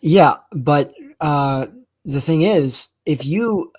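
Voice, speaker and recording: A man's voice: a little high, lively intonation, a little mellow, no room sound. A man in a casual live-stream talk, laying out his reasoning step by step with frequent fillers. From Canada. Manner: measured, explains step by step with many fillers and restarts.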